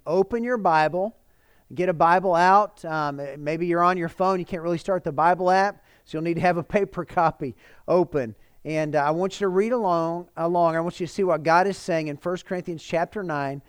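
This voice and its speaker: Earnest, smooth-voiced man preaching. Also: sits high, normal speed, no room sound. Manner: warm, earnest and conversational, with many fillers. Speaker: pastor. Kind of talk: livestreamed sermon.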